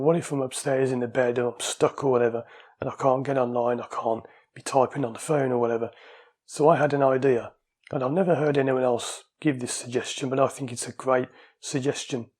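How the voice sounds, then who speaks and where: Husky-voiced man telling stories. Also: mid-range voice, steady tone, a little fast, a little mellow. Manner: chatty, anecdotal, laughs while telling stories. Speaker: vlogger sharing his surgery experience. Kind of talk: casual storytelling to camera. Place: at home, indoors. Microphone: small dictaphone.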